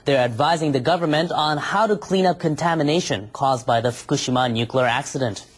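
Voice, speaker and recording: A man reading a broadcast news report in a measured, formal way. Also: fairly high pitch, breathy edge.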